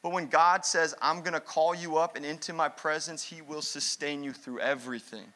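Fired-up bright-voiced male preacher. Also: fairly high pitch, steady tone, moderate pace. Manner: fired-up, emphatic preaching with repetition. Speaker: pastor. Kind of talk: sermon.

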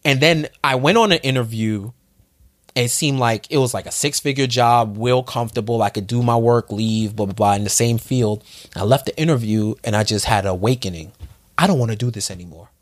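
Man, podcast guest, casual storytelling, mid-pitched voice, animated and slangy, dry sound. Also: a little fast, dry recording. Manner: animated, informal, peppered with slang.

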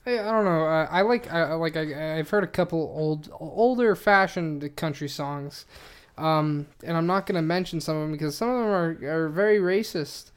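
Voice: medium pitch, clear, resonant tone. A podcast co-host speaking casually, stumbling over words, repeating himself and swearing. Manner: halting, stammering, enthusiastic.

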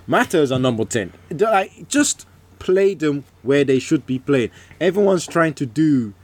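A man's voice: a little high, sing-song, unhurried, a little mellow. A man co-hosting a football podcast, giving firm, explanatory opinions in casual banter. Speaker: podcast co-host.

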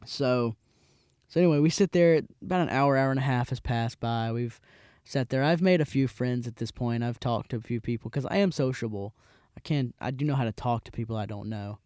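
A man in his twenties, a podcast host, telling a casual rambling story with frequent restarts and animated voices for the people in it. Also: medium pitch, fairly quick, smooth, no room sound, clean studio sound. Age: 20s.

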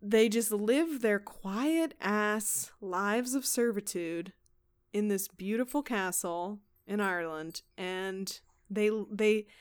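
A woman's voice: medium pitch, takes it slowly, clean tone. A woman hosting a comedy podcast, retelling a ghost story with lots of swearing and laughter. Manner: animated, swears a lot, laughs mid-sentence. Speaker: podcast host.

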